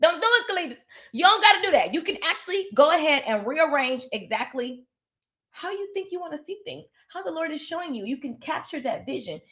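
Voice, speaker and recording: A woman's voice: high-pitched, fairly bright tone. A woman hosting a motivational livestream, sassy and preachy, repeating lines for emphasis. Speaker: livestream host.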